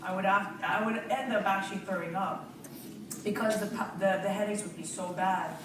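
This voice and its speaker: A woman's voice: mid-range voice, fairly quick. A woman giving a nervous, rambling personal testimonial to a live audience, often laughing and restarting her sentences. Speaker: speaker sharing a personal testimonial. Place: large room before a live audience. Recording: echoey hall, distant mic, audience noise.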